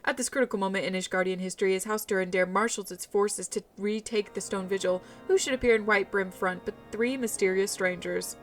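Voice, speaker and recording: Brief: scheming inquisitor, grand and quick speech, read by a woman, faint music. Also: medium pitch, fairly even intonation, lightly acted. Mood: scornful. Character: pompous scheming male inquisitor.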